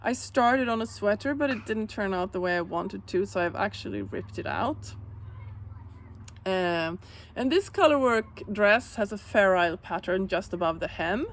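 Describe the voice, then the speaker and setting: A woman hosting a knitting podcast, chatting casually on her own in a relaxed way with plenty of fillers. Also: medium pitch, normal speed, a little hiss or hum. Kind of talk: casual solo chat.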